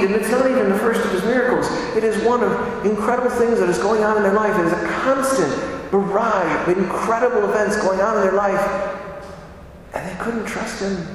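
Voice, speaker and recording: A man's voice: sits high, a little hiss or hum. Guy preaching in church, chatty, lots of rhetorical questions, super echoey and distant. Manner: conversational, rhetorical questions, emphatic repetition. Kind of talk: sermon. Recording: echoey hall, voice from far off.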